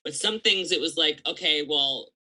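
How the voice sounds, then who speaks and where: Bright-voiced man chatting animatedly. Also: fairly high pitch, normal speed, low-quality recording. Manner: animated, heavy use of "like", acts out quoted voices. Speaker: comedian and author guest. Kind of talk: casual interview chat.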